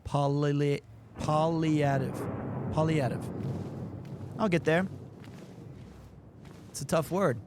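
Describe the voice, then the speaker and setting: High-voiced joking male streamer. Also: fairly even intonation, slow pace, pauses often. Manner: joking, teasing, laughs often. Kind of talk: casual live-stream gameplay commentary. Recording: noticeable background noise.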